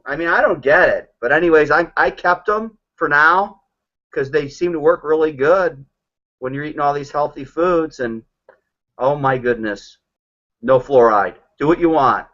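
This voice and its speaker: Man, slightly high voice, joking storyteller, casual group-call chat, muffled lo-fi audio. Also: normal speed, fairly bright tone. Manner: joking storyteller acting out quotes.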